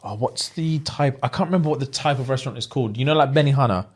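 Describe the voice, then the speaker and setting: A young man telling a story as a podcast co-host, slangy and animated, acting out what people said. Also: medium pitch, quick pace, slightly rough. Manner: animated, slangy, acts out quotes. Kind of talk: casual storytelling chat.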